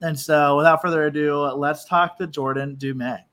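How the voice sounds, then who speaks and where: A man's voice: on the high side, fairly even intonation, normal speed, crowd noise. A man hosting a podcast, rambling loosely and joking at his own expense. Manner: loose, self-deprecating rambling. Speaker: podcast host. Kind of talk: casual chat.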